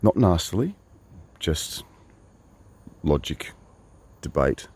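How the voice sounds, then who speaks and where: Australian man, 50s, very deep voice, casual wry storytelling, rambling asides. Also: very animated, slow, a little mellow, slightly rough. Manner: meandering, wry, full of asides and restarts. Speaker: travelling storyteller. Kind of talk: casual spoken monologue.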